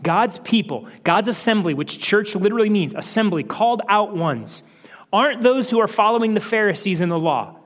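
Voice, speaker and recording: High-voiced man preaching in a hall. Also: animated, normal speed. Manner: explanatory teaching with restarts, softens for quoted lines. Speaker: pastor. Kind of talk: sermon.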